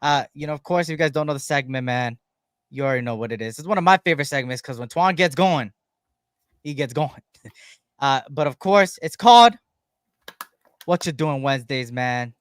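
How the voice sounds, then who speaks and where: A man's voice: mid-range voice, a little fast, a bit bright, clear, resonant tone, no echo, studio quality. A man hosting a fan podcast live stream, greeting viewers in an upbeat, repetitive way. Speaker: podcast host. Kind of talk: live stream chat shout-outs.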